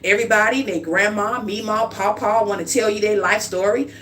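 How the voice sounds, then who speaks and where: A woman reads tarot on a livestream in a loose, chatty way, checking in with "okay?" and calling her listener "dear one." Her voice sits at a middle pitch. The mic is a little way off, and a faint hum runs underneath. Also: brisk, fairly bright tone, far from the mic. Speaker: tarot card reader.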